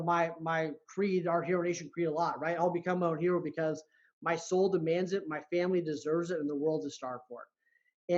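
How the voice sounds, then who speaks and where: Earnest and motivational, this podcast guest works as a coach and tends to double up words at the start of his sentences. He has a fairly high-pitched voice. The recording is lo-fi.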